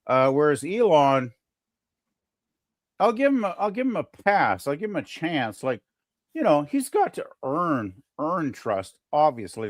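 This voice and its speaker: A man co-hosting a casual group talk show, giving opinions in halting starts and restarts. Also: on the high side, no echo, studio quality.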